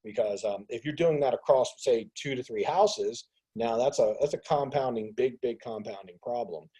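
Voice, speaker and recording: A man hosting a business group call on a video call, talking casually in an animated rant. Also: medium pitch, moderate pace, slightly rough, poor audio. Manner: animated ranting, acts out others' voices. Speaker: host of a business mastermind call.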